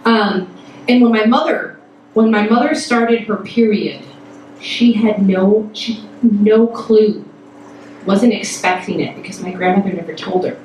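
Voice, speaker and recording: A woman from Toledo, Ohio, telling a personal story on stage to a live audience, animated and full of swearing, acting out every quote. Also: mid-range voice, measured pace, slight background noise. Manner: profane, animated, acts out quotes. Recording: echoey hall, mic at a distance.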